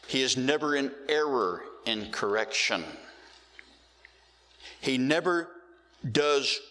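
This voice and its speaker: A man's voice: medium pitch, bright, forceful tone. Emphatic male pastor preaching in a reverberant hall. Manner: emphatic preaching with slow, drawn-out key words. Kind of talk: sermon.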